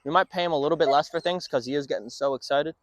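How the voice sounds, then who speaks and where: Male dog trainer, upbeat explainer with a high lively voice, dry close sound. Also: very fast, dry recording. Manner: upbeat explainer mixing in short firm commands to a dog.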